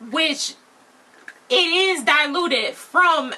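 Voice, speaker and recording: A woman's voice: high voice, expressive, drawn-out words, sharp tone. A woman co-hosting a casual reality TV recap, questioning and pushing back on her co-host's points. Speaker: co-host of a reality show recap channel. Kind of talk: casual chat recapping a TV episode.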